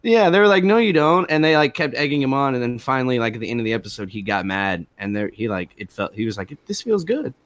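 A young man co-hosting a podcast in casual chat, animated and jumping into high voices when he quotes people. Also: fast talker, hardly any pauses, clear, resonant tone, no room sound. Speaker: podcast co-host.

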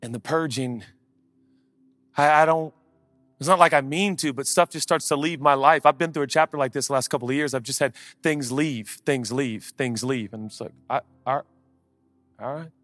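A man preaching a sermon as pastor, swinging between loud impassioned calls and quiet conversational asides. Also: medium pitch, normal speed, dry recording, in a large hall, faint music behind.

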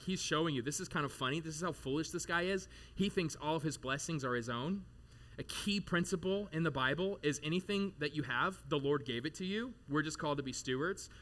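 A man's voice: on the high side, pushed and bright. A man in his thirties, a pastor giving a sermon in a church, talking conversationally and animatedly with casual asides. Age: 30s.

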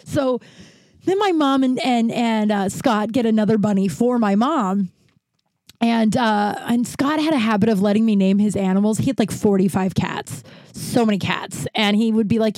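A woman telling a personal story casually, rambling with many fillers and correcting herself, laughing wryly at dark memories. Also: mid-range voice, brisk, dry recording. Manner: rambling, heavy use of "like", self-correcting.

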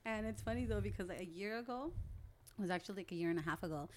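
A woman's voice: mid-range voice, fast. A young woman, a guest on an interview show, chattily retelling conversations and memories in a casual storytelling way. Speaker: guest, older sister.

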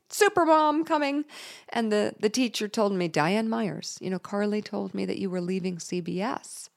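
A woman's voice: medium pitch, fairly even intonation, normal speed, gravelly, a little mellow. A middle-aged woman telling a personal story in a candid, emotional way, with laughs and chatty fillers.

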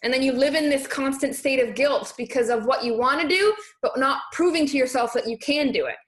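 A young woman hosting a motivational live stream, talking in an energetic, encouraging way and reading viewer comments aloud. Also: high voice, brisk, roomy sound.

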